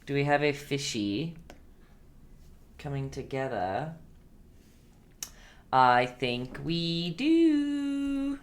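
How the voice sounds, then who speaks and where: A woman's voice: sits low, big pitch swings, very slow, long pauses. A woman hosting a casual live-stream painting lesson, chatty and playful, laughing often and talking back to her viewers.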